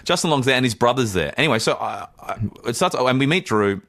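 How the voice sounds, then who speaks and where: A man's voice: mid-range voice, expressive, fast, fairly bright tone, no room sound, studio quality. A young Australian man, a podcast co-host, telling a rambling anecdote in a casual way, correcting himself and acting out the quoted dialogue.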